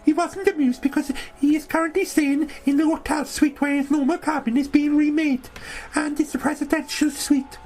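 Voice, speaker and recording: A woman's voice: high voice, steady tone, normal speed, a little mellow, a little hiss or hum, poor audio. A woman narrating a comic audio story in character, talking in a brash, boastful, rambling way.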